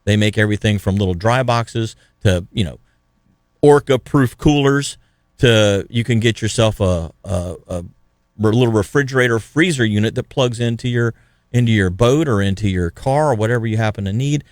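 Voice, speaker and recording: A man's voice: lowish voice, normal speed, a little mellow, no echo. Folksy male radio host, dry sound. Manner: folksy, rambling, with many "you know" asides. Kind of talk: casual radio talk and storytelling.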